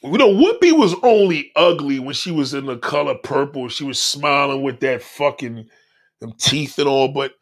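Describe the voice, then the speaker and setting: A man hosting a livestream, reading chat comments aloud and mocking them in a loud, profane rant. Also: medium pitch, moderate pace. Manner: loud, animated, heckling and mocking. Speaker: livestream host.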